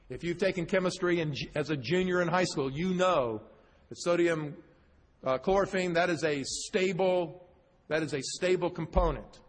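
A male pastor preaching a sermon, reading scripture slowly and with emphasis, with joking asides to the congregation. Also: a little high, a bit bright, husky. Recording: long hall reverb.

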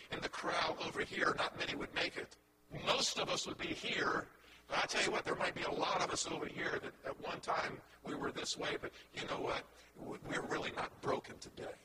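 A man preaching a sermon as pastor, impassioned, swinging from hushed lines to loud ones and repeating words as he builds a point. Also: extremely high pitch, heavy background noise.

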